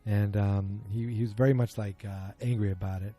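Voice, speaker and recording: A man's voice: fairly low pitch, steady tone, moderate pace, dark tone, soft background music. A man hosting a podcast, recapping a TV episode in a casual, rambling way, full of ums and self-corrections. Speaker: podcast host. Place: at home beside a muted streaming screen.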